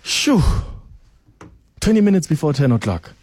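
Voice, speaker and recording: A South African man hosting a radio talk show, animated and exclaiming often as he reacts and answers listeners. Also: on the high side, normal speed, noisy background.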